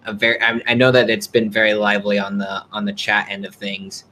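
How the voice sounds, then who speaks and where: A man hosting a casual gaming chat, talking in an animated, rambling way with lots of fillers. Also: on the low side, fairly quick, a little hiss or hum, rough recording. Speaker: podcast host.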